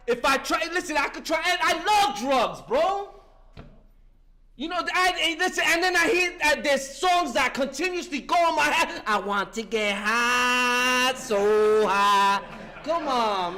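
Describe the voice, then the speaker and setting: A man's voice: extremely high pitch, pushed and bright. A man in his fifties from New York, giving a passionate, profane recovery testimony and often breaking off with "listen" and "man.". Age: 50s. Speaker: speaker sharing at a recovery meeting.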